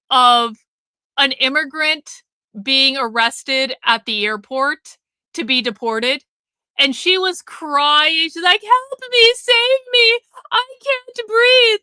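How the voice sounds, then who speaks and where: A woman's voice: high-pitched, bright, forceful tone, no echo. A woman hosting a live commentary stream, talking in a profane, emphatic, repetitive rant. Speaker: livestream host.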